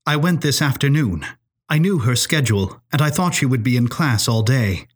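Man reading defiant young girl, steely, firm and even, husky. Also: medium pitch, normal speed.

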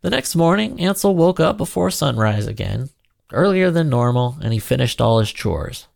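Brief: male storybook narrator, gravelly voice, lively up-and-down reading, dry close sound. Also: medium pitch, normal speed, no room sound.

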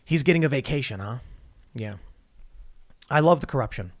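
A man's voice: medium pitch, expressive, normal speed. A man hosting a political commentary podcast, talking in a sarcastic, indignant, mocking way. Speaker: podcast host.

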